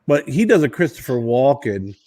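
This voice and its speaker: A man co-hosting a podcast in casual chat, telling animated stories with frequent laughs and restarts. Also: medium pitch, moderate pace, no room sound, studio quality. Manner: animated storyteller, laughs often, rambling restarts. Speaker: podcast co-host.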